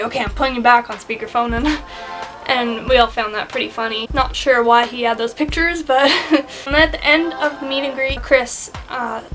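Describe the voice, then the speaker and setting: A high-pitched young woman tells a chatty, giggly story straight to the camera, slipping into other people's lines as she goes. Music plays clearly underneath her voice. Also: fairly bright tone. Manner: giggly, chatty, quickly shifting between quoted voices. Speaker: vlogger. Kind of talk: casual chat recounting a fan convention.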